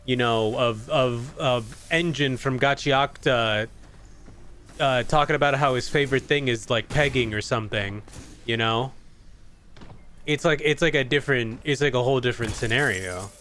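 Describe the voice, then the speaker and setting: A man's voice: mid-range voice, moderate pace, a bit bright, slight background noise. A man streaming a video game, chatting casually in a rambling, profane way with many restarts. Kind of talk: casual gaming commentary.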